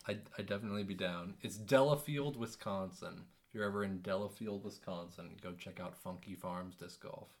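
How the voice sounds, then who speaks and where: A man's voice: sits low, normal speed. A man guesting on a podcast in casual chat, wry and joking.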